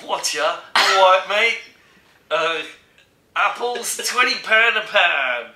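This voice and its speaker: A man putting on the voice of a brash male London market trader, shouting his street-seller patter. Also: high-pitched, expressive, takes it slowly, reverberant, voice pushed up, exaggerated voice. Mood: cheeky.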